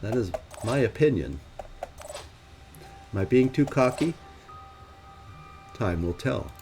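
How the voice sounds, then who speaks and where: A man's voice: medium pitch, sing-song, slow, music in the background. A man hosting a let's play, talking through his tactical moves aloud with wry, self-questioning asides. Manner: thinking aloud while planning moves. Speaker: gaming channel host.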